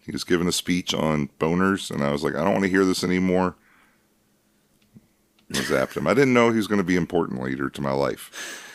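A man with a very low voice trades deadpan, wry remarks in casual podcast chat. The recording is dry and close, with no room sound. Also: quick pace, dry recording. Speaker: podcast co-host.

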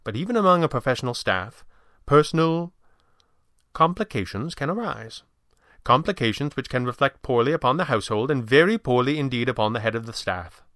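A man voicing a calm, courteous older butler who speaks in a measured, proper way. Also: mid-range voice, dry recording, studio quality, lightly acted. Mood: earnest.

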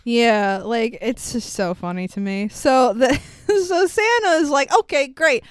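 High, smooth-voiced woman recapping a film. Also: a little slow, no echo. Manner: laughs often, swears freely, animated retelling. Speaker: podcast co-host. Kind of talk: casual chat recapping a film.

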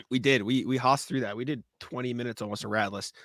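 A man co-hosting a casual sports podcast, telling animated stories with plenty of swearing and laughter. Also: medium pitch, fast, no echo. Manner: animated storytelling, swears freely, laughs often. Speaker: podcast co-host. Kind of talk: casual chat.

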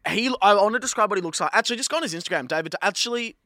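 Young man, podcast co-host, angry sweary rant, voice sits a bit high, dry close sound. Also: expressive, racing, bright, forceful tone, dry recording. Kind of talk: ranting podcast chat.

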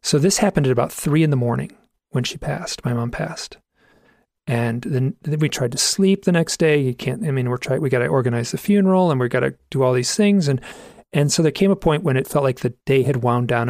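A man's voice: medium pitch, vocal fry, no room sound, studio quality. A middle-aged man telling a personal story in an earnest, reflective way, often restarting his sentences. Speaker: speaker telling owl stories.

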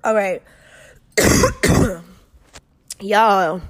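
A young woman hosts an advice podcast and answers listener emails in a blunt, scolding way. Her voice sits a little high, and she swears freely as she talks straight to the letter writer. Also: slow, pauses often. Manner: blunt, profane, animated and scolding. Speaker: podcast host.

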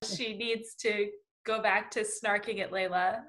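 A woman's voice: medium pitch, steady tone, measured pace, a bit bright. A woman hosting a podcast, chatting casually and laughing often. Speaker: podcast host. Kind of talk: casual chat.

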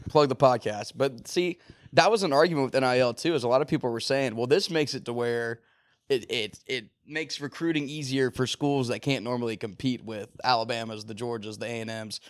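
A man's voice: medium pitch, brisk, dry recording, studio quality. A man co-hosting a casual sports podcast, spinning long hypotheticals and acting out quotes. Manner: rambling hypotheticals, acts out quotes. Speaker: podcast co-host.

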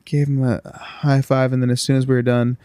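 A man's voice: mid-range voice, flat delivery, a little fast, dark tone, clean tone, no room sound, studio quality. A young man on a casual podcast, telling a story loosely with swearing and lots of restarts. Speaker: podcast co-host. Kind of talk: casual chat.

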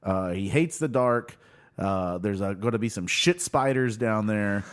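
A man's voice: on the low side, unhurried. A man casually chatting as podcast co-host, retelling scenes with lots of fillers. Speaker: podcast co-host recapping a show. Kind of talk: casual chat.

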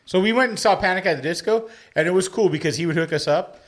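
A man's voice: sits high, fast talker. A man telling stories in casual podcast chat, swearing freely and laughing often.

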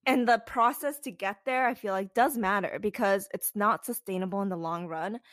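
A woman in her twenties co-hosting a casual podcast, lively and blunt, acting out what people say with big jumps in her voice. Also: moderate pace, no room sound. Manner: animated, acts out quoted people with big pitch jumps, swears freely. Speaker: podcast co-host. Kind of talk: candid casual podcast chat.

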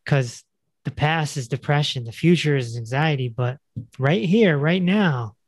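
A man's voice: fairly high pitch, unhurried, no room sound. Reflective man hosting a dry-sounding chat. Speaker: podcast host. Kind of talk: casual interview conversation.

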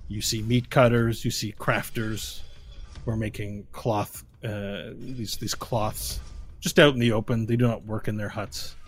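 A man's voice: lowish voice, fairly even intonation, unhurried, faint music behind. Man narrating as game master. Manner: descriptive, with fillers.

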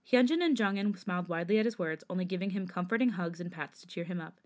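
A woman podcast host reading fanfiction aloud at a steady, even storytelling pace. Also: on the low side, fast talker, few pauses.

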